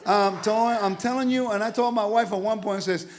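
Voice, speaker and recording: Animated high-voiced male Bible teacher. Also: normal speed. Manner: lively, animated, asks the audience questions. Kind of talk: congregation teaching. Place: congregation hall.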